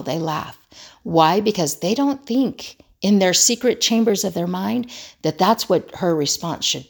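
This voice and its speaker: Gravelly-voiced woman telling stories. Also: lowish voice. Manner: animated storytelling, acts out quoted voices. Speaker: self-help podcast host. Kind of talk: casual monologue.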